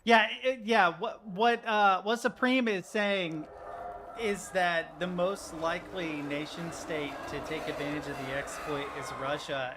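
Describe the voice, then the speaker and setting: A man's voice: on the high side, pushed and bright, a little hiss or hum. A man streaming a video game, chatting casually and rambling as he plays. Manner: chatty, rambling, laughs easily. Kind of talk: casual gameplay commentary.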